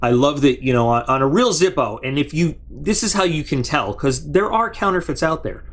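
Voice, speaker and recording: A man's voice: a little high, animated, moderate pace, a bit bright. A man hosting a casual unboxing review, rambling and chatty, with plenty of restarts and side remarks, talking straight to his viewers. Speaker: product reviewer and channel host.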